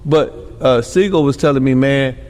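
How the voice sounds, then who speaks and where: Speaking at a normal pace with a slightly mellow mid-range tone, this middle-aged man from Milwaukee spins meandering tales as a podcast guest. He keeps dropping "you know what I'm saying" into his casual interview storytelling, and the room sounds like a big hall.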